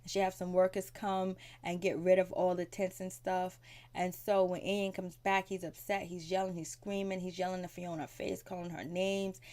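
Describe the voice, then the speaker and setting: A woman's voice: on the low side, little pitch movement, normal speed, mellow. A woman giving a casual recap of a TV episode, rambling and conversational, frank, with mild swearing. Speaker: TV recap vlogger.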